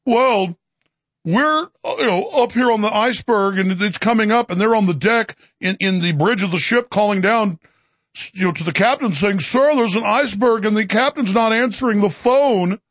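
A man hosting his own show, delivering rapid-fire political commentary in a combative, sarcastic way. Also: high voice, a bit bright, no room sound. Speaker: show host.

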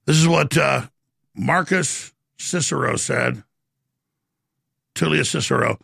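A man hosting a call-in talk radio show, raspy and gravelly, talking in an animated, emphatic way. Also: mid-range voice, slow pace, pauses often, no echo, studio quality.

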